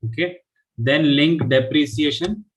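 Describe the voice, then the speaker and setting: A man's voice: a little high, unhurried, poor audio. Man teaching with "right?" checks. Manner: explains step by step with frequent "right?" checks. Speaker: finance instructor. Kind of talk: live online class teaching.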